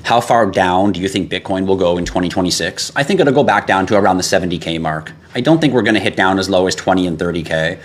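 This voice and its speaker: Male livestream host, lower voice, blunt and profane, answers viewer questions off the cuff. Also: fast talker, hardly any pauses. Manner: blunt and profane, gets irritated and animated. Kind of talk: casual livestream chat reading comments.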